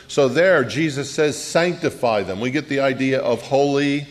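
A man preaches a sermon in a church, his voice carrying with a long reverb through the hall. He delivers it earnestly, drawing out key phrases and hurrying through asides, at an ordinary pitch for a man. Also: normal speed, hardly any pauses. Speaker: pastor.

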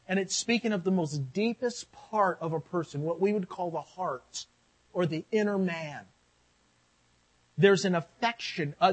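A man preaching a sermon as pastor. He swings between shouted, excited exclamations and quiet, earnest passages, and chuckles now and then. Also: fairly high pitch, poor audio.

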